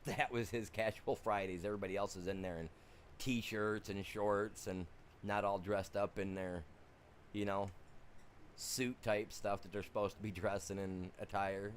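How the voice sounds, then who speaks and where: Male game streamer, casual rambling chat, chuckles often, a bit low-pitched, faint noise behind. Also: fairly even intonation, moderate pace. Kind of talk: casual chat during a livestream.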